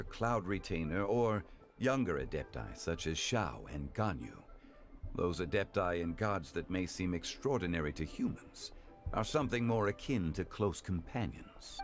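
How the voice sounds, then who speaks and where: A man voicing a calm, wise ancient god in human form, speaking in a measured, formal way in a game. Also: sits low. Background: game music.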